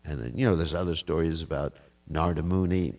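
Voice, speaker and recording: An older man with a low, gravelly voice tells scripture stories to a temple class. He talks in a loose, folksy way and chuckles between his asides. He is picked up from a distance in the hall. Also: steady tone, brisk, darkish tone. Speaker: class speaker.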